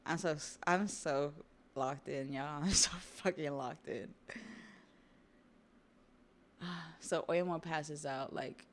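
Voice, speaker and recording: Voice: mid-range voice, slow pace, long pauses. A streamer casually recapping a comic on a livestream, with laid-back slang, laughter and swearing.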